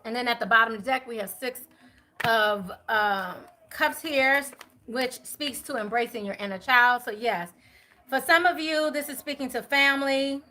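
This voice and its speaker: A woman giving a chatty live tarot reading, talking to viewers and spirits, with many fillers and quick apologies. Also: on the high side, sharp tone. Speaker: tarot reader.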